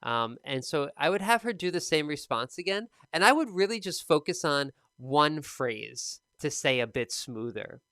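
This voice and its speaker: A man teaching TOEFL speaking on a live stream, explaining in a relaxed, conversational way. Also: on the high side, normal speed, few pauses, no room sound, studio quality.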